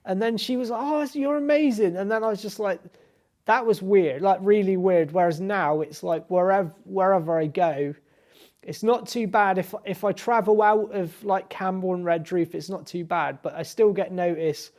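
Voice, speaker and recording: A man's voice: high-pitched, fairly even intonation, moderate pace, a little mellow. A young man chatting casually in an interview, rambling with many restarts. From Cornwall. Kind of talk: casual chat.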